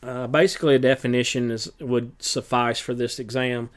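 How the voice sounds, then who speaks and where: A male teacher running a test review, talking in a plain, matter-of-fact way with frequent pauses and fillers. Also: medium pitch, fairly even intonation. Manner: halting, many filler pauses.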